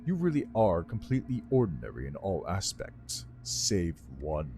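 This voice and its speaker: A man voicing an ancient male lich, a dry, rasping and condescending teacher who lectures. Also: fairly low pitch, very animated, moderate pace, a little hiss or hum, pitched below the performer's own voice. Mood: cold, bitter.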